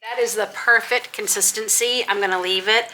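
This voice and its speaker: Bright-voiced chatty homestead mom. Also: female voice, mid-range voice, fairly even intonation, moderate pace, a little hiss or hum. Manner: chatty, homey, laughs often. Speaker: homesteading vlogger. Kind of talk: casual kitchen vlog. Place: home kitchen.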